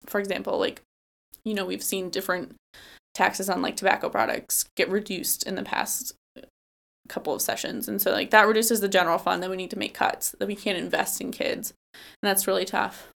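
Earnest woman with a creaky voice. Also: mid-range voice, steady tone, a little fast, fairly bright tone. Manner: earnest, talks with many fillers and restarts. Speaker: political candidate. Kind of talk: casual interview.

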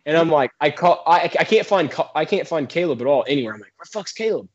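A man's voice: on the high side, quick pace. Rambling swearing man on muffled audio. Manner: profane, rambling, laughs often. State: drunk in the story only. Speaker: podcast co-host. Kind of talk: casual storytelling among friends.

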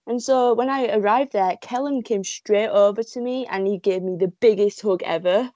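A woman from the UK chatting casually, telling fan stories in a gushing, giggly, animated way. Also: mid-range voice, moderate pace, no room sound, muffled recording. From United Kingdom. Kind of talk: casual chat.

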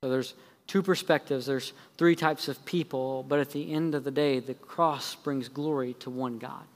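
A male pastor preaching a sermon. He shifts between quick, heavy sarcasm and slow, low emphasis on his key points. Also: steady tone, big-room sound. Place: church sanctuary.

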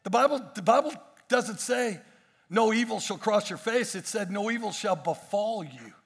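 A man's voice: high-pitched, expressive, moderate pace, creaky, breathy edge. A male pastor preaching a sermon with emphatic, repeated phrases.

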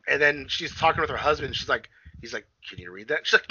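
A man's voice: mid-range voice, lively intonation, fast talker, sharp tone, slightly rough, dry recording, lo-fi sound. A man casually recapping a film on a podcast, rambling and swearing, often acting out quotes and laughing. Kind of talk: casual chat.

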